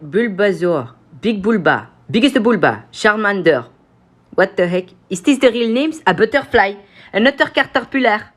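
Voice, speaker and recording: A man's voice: high voice, animated, normal speed, fairly bright tone. A Belgian man with a French accent who talks to the camera in casual, playful chat, giggling often and cooing at animals. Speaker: video creator.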